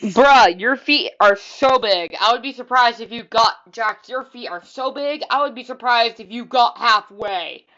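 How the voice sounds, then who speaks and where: A woman's voice: fairly high pitch, a little slow, hardly any pauses, pushed and bright, muffled recording. A woman vlogger giving casual, rambling reaction commentary and often repeating herself.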